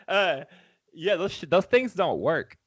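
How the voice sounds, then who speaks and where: An excitable man co-hosts a casual podcast in a high voice that leaps all over the place. He swears freely and acts out little scenes as he talks. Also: dull audio. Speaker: podcast co-host. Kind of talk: casual chat.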